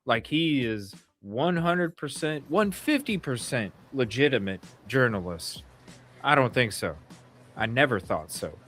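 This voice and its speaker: Male talk-show co-host, mid-pitched voice, blunt, opinionated, casual cursing, rambling delivery, faint music underneath. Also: expressive, measured pace, fairly bright tone. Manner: rambling with frequent restarts. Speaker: podcast co-host. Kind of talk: casual true-crime talk show chat.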